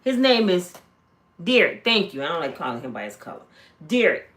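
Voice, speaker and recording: A woman, telling celebrity gossip in a casual, animated storytelling way and acting out quoted lines in high voices. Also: fairly quick. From Michigan, USA. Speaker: gossip vlogger.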